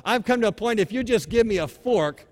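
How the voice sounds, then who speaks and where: Preacher guy, pretty high voice, fired up and exhorting, big reverby church hall. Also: a little fast. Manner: animated, exhorting, dramatizes scripture scenes. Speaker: pastor. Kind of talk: sermon.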